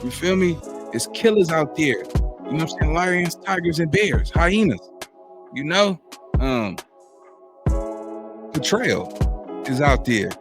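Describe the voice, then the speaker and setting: A man's voice: lively intonation, slow pace, pauses often, music in the background. A man hosting a casual reaction commentary, talking in loose street slang with constant "you know what I'm saying" and a preachy, rambling delivery. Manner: preachy, drifting from high to low pitch. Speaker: commentary host.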